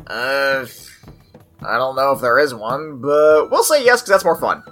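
Low voice lady game master, very up and down, chill, making it up as she goes. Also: unhurried, faint music behind. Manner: relaxed, improvising. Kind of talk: narrating a tabletop game.

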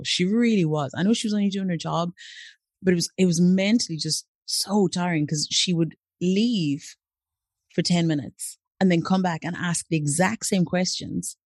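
A woman's voice: lowish voice, no room sound. A woman in her late thirties, originally from Africa, telling personal stories as an interview guest and acting out the people in them. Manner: animated, acts out voices of people in her stories. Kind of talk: storytelling in conversation.

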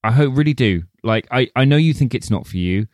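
A man's voice: medium pitch, lively intonation, brisk, a little mellow, dry recording, clean studio sound. A man co-hosting a film podcast, affectionate and sweary in casual banter. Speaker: podcast co-host. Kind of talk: casual chat.

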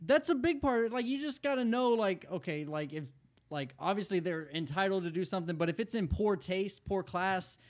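A man's voice: high-pitched, animated, normal speed. A man co-hosting a casual podcast, blunt and teasing, swearing freely as he answers the host.

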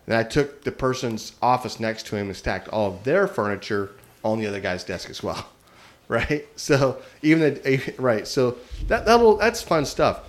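Man, casual storyteller, rambling and self-amused, mid-pitched. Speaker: guest telling a prank story.

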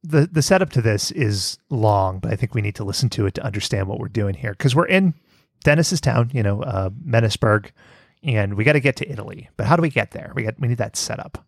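Male podcast host, sarcastic mock-earnest riffs, animated, dry close sound. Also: fairly low pitch, brisk, dry recording. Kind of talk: casual comedic chat.

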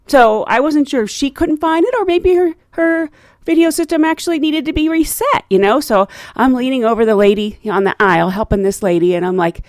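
A woman telling a funny story about her job as a flight attendant, her voice moving a lot and sitting a bit high. She laughs often and acts out passengers with loud, high voices. The sound is dry and close. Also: lively intonation, fast, dry recording. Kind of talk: casual storytelling.

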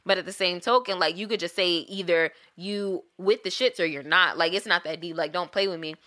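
A young woman telling a long story in casual chat, animated and profane, often laughing. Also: on the low side, brisk.

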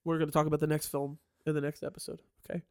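A man's voice: a little high, level tone, racing, a little mellow, smooth, no room sound, clean studio sound. Sweary man co-hosting a podcast. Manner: sweary, laughs a lot. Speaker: podcast co-host. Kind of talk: casual chat.

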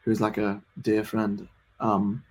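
A young man in his twenties, a band member guest in a casual podcast interview, rambling, excitable and swearing freely. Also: fairly low pitch, unhurried, a little hiss or hum. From United Kingdom. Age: 20s.

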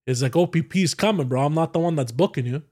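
A man in his thirties tells a story as a podcast guest. His voice sits a little high, and his delivery is animated and profane, with "bro" tossed in constantly. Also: quick pace, slightly rough. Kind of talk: casual storytelling.

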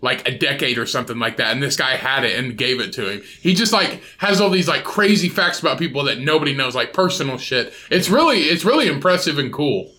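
A man's voice: medium pitch, animated, a little fast, few pauses, pushed and bright. A young man co-hosting a podcast, chatting casually, rambling through stories and swearing freely. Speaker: podcast co-host. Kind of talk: casual banter.

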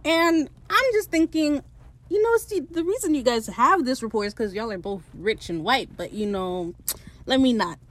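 A woman's voice: on the high side, normal speed. A woman in her late teens recapping a TV episode in casual, gushing chat, swearing freely. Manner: excitable, gushing, swears freely, laughs often. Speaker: TV show recap host.

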